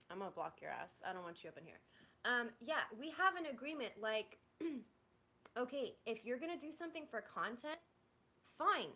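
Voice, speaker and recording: A young woman vents bluntly to her livestream chat, swearing, saying "like" a lot, and restarting her sentences. Her voice is fairly high with big pitch swings, delivered at normal speed in a bright, forceful tone. She sounds frustrated.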